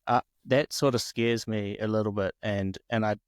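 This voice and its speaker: A man with a New Zealand accent, a guest on a podcast, talking in an earnest, measured way. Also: on the low side, steady tone, clean tone, no echo, clean studio sound. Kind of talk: casual podcast chat.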